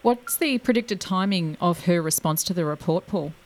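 A woman's voice: fairly low pitch, lively intonation, moderate pace, darkish tone. A woman with an Australian accent hosting a community radio show in a friendly way, laughing easily and using fillers. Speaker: radio host.

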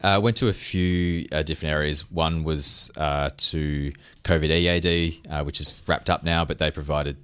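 A man, a restaurateur guest in a radio studio interview, speaking haltingly with many fillers. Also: very deep voice, fairly even intonation, fairly bright tone, clean tone.

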